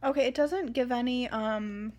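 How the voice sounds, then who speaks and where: A young woman giving casual commentary on a book she is reading, rambling and excitable with many fillers. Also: on the high side, normal speed. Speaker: reader and commentator.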